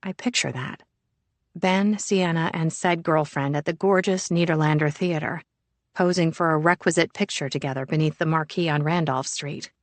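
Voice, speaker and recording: A woman narrating a first-person thriller audiobook in a measured, even storytelling manner. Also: low-pitched, dry recording.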